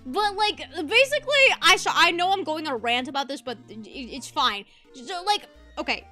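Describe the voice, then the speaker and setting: A woman's voice: high voice, expressive, normal speed, bright, forceful tone, faint music behind. A young woman streaming as a VTuber, ranting passionately in casual commentary and laughing easily.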